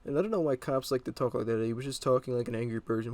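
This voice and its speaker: A man's voice: mid-range voice, fairly even intonation, quick pace, hardly any pauses, darkish tone, no echo. Rambling young man telling a story. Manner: rambling, exasperated, with fillers. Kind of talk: casual storytime narration.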